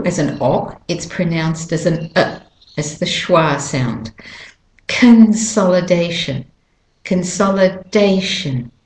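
A woman teaching English pronunciation, repeating each word slowly and stretching its stressed syllables. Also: low-pitched, darkish tone. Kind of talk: slow pronunciation lesson. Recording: echoey room.

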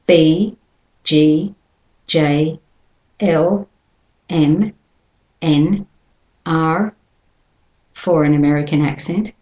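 A woman teaching English pronunciation, speaking carefully and modelling words slowly for listeners to copy. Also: on the low side, darkish tone, echoey room, low-quality recording. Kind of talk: slow instructional lesson with repeated examples.

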